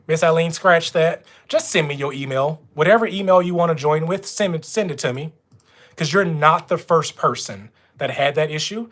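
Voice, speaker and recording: A man's voice: a little high, normal speed, fairly bright tone. A man with a Louisiana accent, chatting casually with viewers on a live stream from home. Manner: chatty, talks straight to viewers. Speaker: notary running a live stream. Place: at home with dogs nearby.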